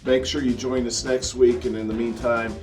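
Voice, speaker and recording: A male podcast host with a medium-pitched voice, upbeat as he wraps up the show. He sits a little back from the microphone. Faint music plays underneath. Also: little pitch movement, normal speed. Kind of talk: casual interview and show outro. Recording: voice a bit distant from the mic.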